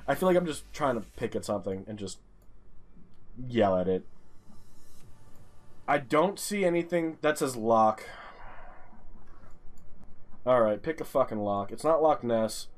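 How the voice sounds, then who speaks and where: A man with a New York accent commentating a geography guessing game, exasperated and swearing constantly as he rants at what he sees. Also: medium pitch. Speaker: streamer playing a geography game. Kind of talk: profane gaming commentary.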